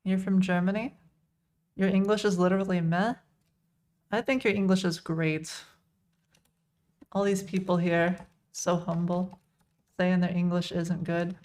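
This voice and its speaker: A woman's voice: on the low side, flat delivery, unhurried, long pauses, darkish tone. Chatty woman coding on a live stream. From Texas.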